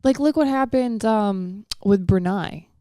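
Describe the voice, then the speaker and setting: A woman's voice: mid-range voice, unhurried, warm tone, dry recording, studio quality. A woman from the American South, a guest in a casual podcast chat, rambling and searching for her words. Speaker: guest, actress.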